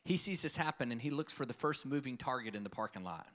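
A man's voice: medium pitch, expressive, fast talker, a bit bright. A man preaching a live conference sermon as an evangelist, emphatic and storytelling, calling out for an amen. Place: conference hall with live audience.

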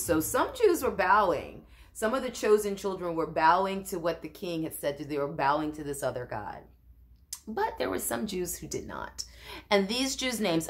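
Lower-pitched woman teaching a Bible study. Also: lively intonation, normal speed. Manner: conversational, with frequent restarts and asides.

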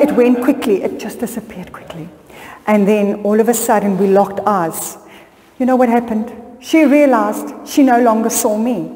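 A woman's voice: medium pitch, dark tone. Middle-aged woman preacher, fervent storytelling, reverberant church hall. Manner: storytelling, rising to fervent appeals. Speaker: pastor. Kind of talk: sermon.

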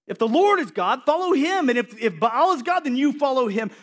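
A man voicing a bold, defiant male prophet in a sermon, loud and taunting. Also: extremely high pitch, expressive, normal speed, pitched above the performer's own voice. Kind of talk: sermon with acted-out scenes.

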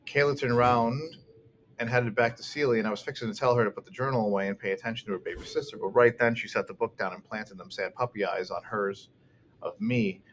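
A man's voice: mid-range voice, brisk, a little hiss or hum. A man reading a first-person novel aloud as an audiobook narrator, telling it expressively with occasional restarts.

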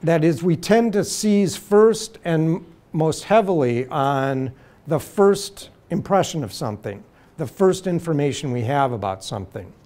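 A man giving a university law lecture in a deliberate, measured way, slowing to stress key terms. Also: on the high side, expressive, warm tone.

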